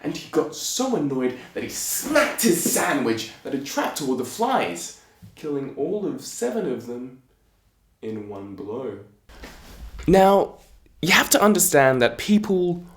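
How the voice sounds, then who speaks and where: A man's voice: a little high, sing-song, slow pace. A man telling a fairy tale in a casual, playful way, with chatty asides to the listener. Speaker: storyteller. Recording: echoey room.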